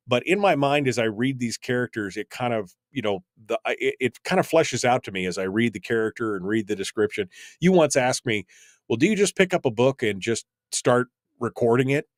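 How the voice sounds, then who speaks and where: A man's voice: medium pitch, lively intonation, brisk, no echo, clean studio sound. A man hosting a radio talk show, chatting loosely with many fillers and restarts. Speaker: radio show host and voice actor. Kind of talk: casual radio interview chat.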